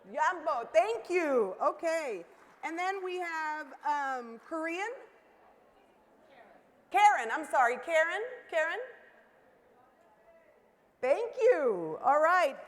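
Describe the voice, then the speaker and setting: A woman giving an interactive keynote at a conference, upbeat and coaxing the audience to call out greetings. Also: high-pitched. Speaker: keynote speaker. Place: large conference hall. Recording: long hall reverb.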